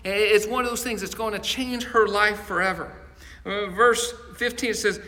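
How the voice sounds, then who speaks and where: A man's voice: high voice, steady tone, moderate pace, sharp tone, in a large hall. A male pastor preaching a sermon in an earnest storytelling manner, often repeating words as he goes.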